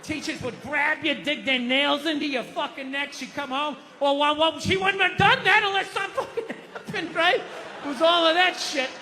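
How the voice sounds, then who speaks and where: A man doing a stand-up comedy set, loud and ranting as he acts out voices on a big stage. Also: very high voice, normal speed, slight background noise. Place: comedy stage in a large venue. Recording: live hall with audience laughter.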